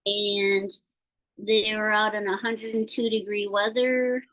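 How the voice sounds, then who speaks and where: A woman chatting casually on a video call, telling a worried story in a rambling, halting way with many fillers. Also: mid-range voice, little pitch movement, a bit bright, low-quality recording. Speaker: participant sharing a concern.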